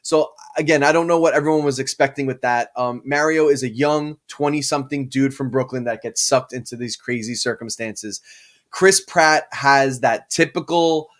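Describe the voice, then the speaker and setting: Male podcast co-host; loose, rambling, animated delivery with casual swearing. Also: mid-range voice, normal speed. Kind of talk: casual chat.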